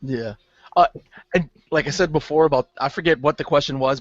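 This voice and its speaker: Casual game master, male, animated delivery, dull dry call audio. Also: on the high side, a little fast, no echo. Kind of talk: casual hangout chat. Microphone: video call.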